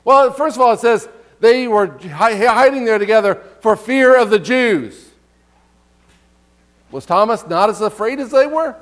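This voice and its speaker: A man's voice: extremely high pitch, unhurried. A man preaching a sermon in a conversational way, asking the congregation rhetorical questions and reading scripture aloud. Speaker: pastor.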